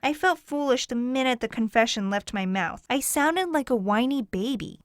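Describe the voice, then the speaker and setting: Woman audiobook narrator, higher pitch, expressive first-person read, dry studio sound. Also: moderate pace, no echo.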